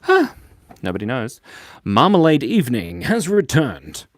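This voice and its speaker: A man's voice: mid-range voice, huge pitch swings, measured pace, no room sound, studio quality. A man with an Australian accent hosting a live drawing stream for kids, playful and jokey as he reads viewer comments aloud. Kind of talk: casual livestream chat.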